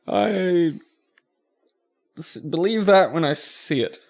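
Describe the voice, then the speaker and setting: Lively, laughing man riffing on a game. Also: on the high side, takes it slowly, vocal fry. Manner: laughs often, swears, lively banter. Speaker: co-host playing the game. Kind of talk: casual game commentary.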